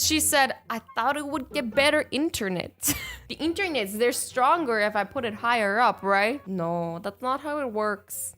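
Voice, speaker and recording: Hosting a laid-back reaction video on YouTube, this young woman speaks in a fairly high pitch. Playful and expressive, she briefly mimics the people she reads about.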